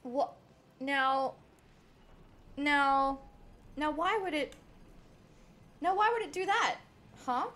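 A woman streaming a game, chatting to her audience in excitable, foul-mouthed commentary. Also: high voice, takes it slowly, pauses often, slight background noise. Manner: excitable, swears a lot, talks to the chat. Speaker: gaming streamer. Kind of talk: let's-play commentary.

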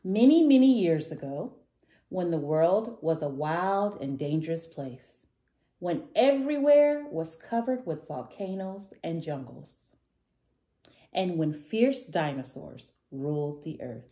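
A woman reading a picture book aloud to children, warm and sing-song. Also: deep voice, sing-song, slow pace. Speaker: children's story reader. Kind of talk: read-aloud storytelling for kids.

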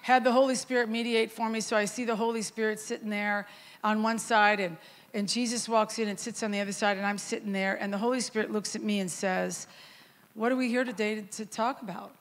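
A middle-aged woman, a guest worship leader, preaching in a relaxed storytelling way and acting out dialogue in a softer, lower voice. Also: fairly quick, long reverb tail. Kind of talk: storytelling sermon.

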